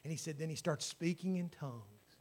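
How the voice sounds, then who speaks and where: A man's voice: fairly high pitch, expressive, brisk, a little mellow. A man, a pastor telling a story in his sermon and then praying with fervour. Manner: storytelling that builds to fervent praying.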